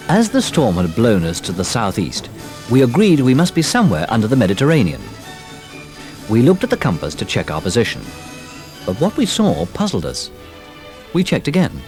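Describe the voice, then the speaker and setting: A man narrating a children's storybook recording in a lively, expressive telling. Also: medium pitch. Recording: old storybook record with music.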